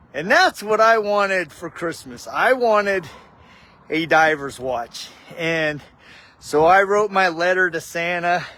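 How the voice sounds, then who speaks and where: A man's voice: high voice, sharp tone. A man casually telling a heartfelt personal story with a faith reflection, often saying "dude". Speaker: vlogger.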